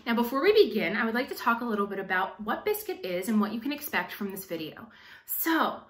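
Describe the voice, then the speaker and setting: A woman's voice: on the high side, sing-song, fairly quick, echoey room. A young woman teaching artist leading an upbeat children's storytime and activity lesson, speaking directly to the kids.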